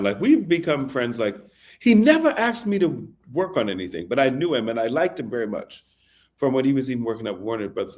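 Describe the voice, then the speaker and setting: Animated male songwriter telling a story. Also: mid-range voice. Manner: animated, recites lyrics softly. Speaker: songwriter guest. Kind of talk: storytelling interview.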